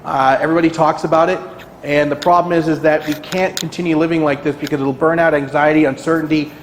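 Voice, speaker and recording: In an echoey meeting room, a guest speaker at a realty kickoff gives a lively motivational talk, frequently tossing in "right?" and acting out nervous clients with quick, high-pitched bursts. A faint hiss or hum sits under the recording.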